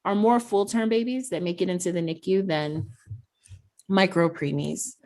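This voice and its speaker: A woman's voice: lowish voice, moderate pace, warm tone. A woman sharing her experience as a parent in a podcast conversation, earnest and reflective. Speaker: guest, NICU parent.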